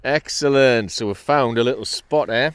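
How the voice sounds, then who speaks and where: A man's voice: medium pitch, normal speed, clear, resonant tone, dry recording. A middle-aged man with a Geordie accent, cheerfully narrating his own sea fishing from a kayak in casual commentary. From North East England. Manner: cheerful, chatty, breaks into laughs and exclamations. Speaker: kayak angler and channel host.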